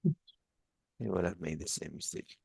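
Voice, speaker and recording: A man with a very low, gravelly voice works through a test review with a student. He explains patiently, restarting often and leaning on "like." The sound is dry and close, as on a video call. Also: sing-song, slow, dark tone, no room sound. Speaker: English test tutor. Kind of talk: one-on-one lesson review.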